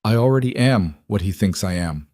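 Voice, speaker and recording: A man's voice: fairly low pitch, animated, moderate pace, darkish tone, dry recording, clean studio sound, close to an everyday voice. A man voicing a cold, intense male mafia boss in a storybook reading, clipped and threatening. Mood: cold menace.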